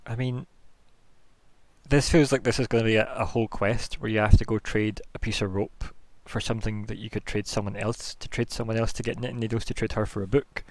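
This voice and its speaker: A man's voice: lowish voice, steady tone, brisk, no room sound. A young man narrating as game master in a casual, joking way, laughing often.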